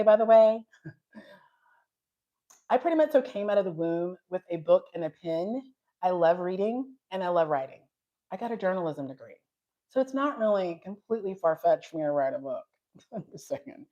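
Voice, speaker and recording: A woman giving a casual Bible teaching, an animated storyteller who acts out dialogue, frank and self-deprecating. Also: mid-range voice, normal speed, muffled recording. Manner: animated storytelling, acting out dialogue with laughs and sighs.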